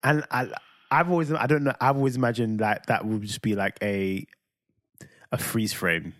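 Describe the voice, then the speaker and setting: A man's voice: medium pitch, normal speed. A man, co-hosting a casual podcast chat and telling stories with lots of acted-out sounds and laughter. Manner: animated storyteller, acts out voices and sounds, laughs often. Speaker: podcast co-host.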